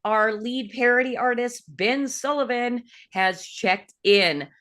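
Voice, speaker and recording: A woman hosting a casual livestream interview over a video call, chatty and quick to laugh, with a bit of casual swearing. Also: a little high, a bit bright. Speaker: host.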